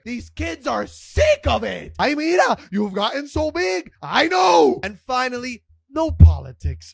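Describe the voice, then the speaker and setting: High-voiced animated man doing stand-up. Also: gravelly, dry recording. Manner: animated, acts out quoted voices. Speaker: stand-up comedian. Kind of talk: stand-up comedy set. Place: at home.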